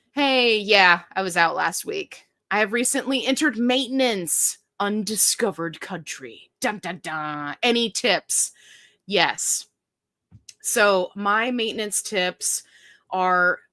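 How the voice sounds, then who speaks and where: A woman's voice: mid-range voice, a bit bright, no room sound. A woman hosting a casual live Q&A, upbeat and chatty, reading viewer comments aloud. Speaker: livestream host.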